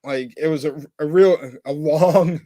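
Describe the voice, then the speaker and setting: A podcast co-host tells stories at a measured pace in a warm, fairly high voice, with no echo. His casual chat rambles, full of filler "like"s and restarts.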